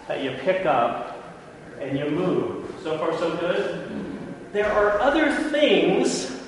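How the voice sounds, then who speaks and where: A man giving an informal classroom lecture, chatty and constantly checking in with his listeners. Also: on the high side. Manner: chatty, checks in often with "right?". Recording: echoey hall, faint room noise.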